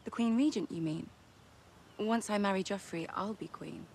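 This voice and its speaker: An actress playing a young noblewoman who speaks softly and coaxingly. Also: medium pitch, moderate pace, a little hiss or hum, natural voice. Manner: soft, gentle, coaxing. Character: young noblewoman, sweetly persuasive. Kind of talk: TV drama dialogue.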